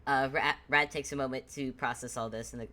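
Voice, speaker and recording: A woman's voice: a bass voice, steady tone, fairly quick, pushed and bright. Giggly woman game master. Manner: giggly, laughs often. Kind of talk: narrating a tabletop game.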